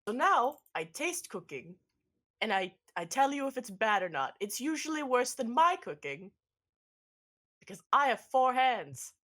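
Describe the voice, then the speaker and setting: A woman's voice: sits high, takes it slowly. A woman voicing a tall four-armed male food taster, rambling and giggly in her own voice. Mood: sheepish.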